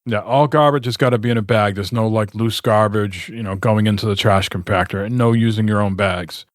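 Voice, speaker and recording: A man's voice: fairly low pitch, steady tone, fairly quick, no echo, clean studio sound. A man co-hosting a podcast, telling a rambling, exasperated story in casual chat and swearing freely. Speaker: podcast co-host.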